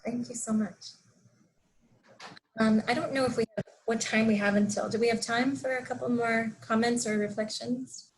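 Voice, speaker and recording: A woman's voice: a little high, fairly even intonation, moderate pace, a little hiss or hum, rough recording. Woman telling a devotional story. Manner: storytelling, acts out quotes, many fillers. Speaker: speaker. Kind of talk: devotional talk in an online program.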